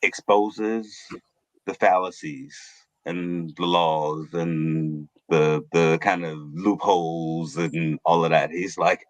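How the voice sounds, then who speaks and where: Low-voiced man speaking deliberately. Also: fairly even intonation, no echo. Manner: deliberate, searching for words. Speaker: podcast panelist. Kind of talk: casual discussion.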